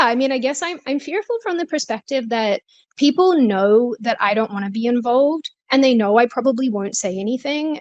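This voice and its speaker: Woman spilling her side, stressed and a bit breathless, higher voice, dry sound. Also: no room sound. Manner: emotional, confessional, laughs often. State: stressed, out of breath while walking. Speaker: guest. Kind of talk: candid conversation. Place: walking, then sitting, on a remote call.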